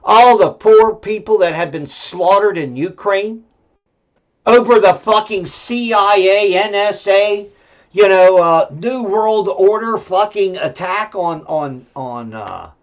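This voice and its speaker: A man's voice: sits high, expressive, slow. A male host giving a rambling, profane political rant full of fillers and restarts, and talking aside to his dog at home. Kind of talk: solo political commentary rant. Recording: dull lo-fi sound.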